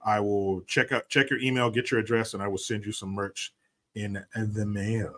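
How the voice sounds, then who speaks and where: A man's voice: lowish voice, steady tone, moderate pace, fairly bright tone. A man hosting a casual livestream, reading out viewer donations and answering them in a blunt, profane, joking way. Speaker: livestream host.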